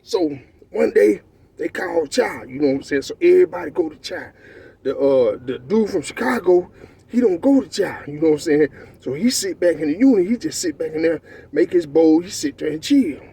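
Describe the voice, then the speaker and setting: A man from Texas with a Texan accent, telling a story in animated, profane street slang and often checking in with his listener. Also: on the high side, normal speed, vocal fry, breathy edge. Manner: animated, profane street slang, repeats "you know what I'm saying". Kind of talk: casual storytelling.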